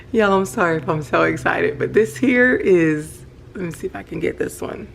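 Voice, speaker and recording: A middle-aged woman, chatting casually about her hobby at home at night and gushing with excitement. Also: on the low side, moderate pace, creaky, background noise. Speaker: planner vlogger. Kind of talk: casual show-and-tell vlog.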